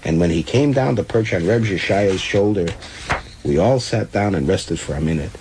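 A man reading a comic story aloud with animated, comic timing. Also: low voice, normal speed, noisy background.

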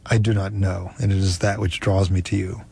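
A man reading an audiobook, voicing a centuries-old vampire who speaks in a measured, reserved way. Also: low voice, little pitch movement, vocal fry, warm tone, slightly rough, exaggerated voice. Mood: grave. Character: centuries-old male vampire, grave and brooding.

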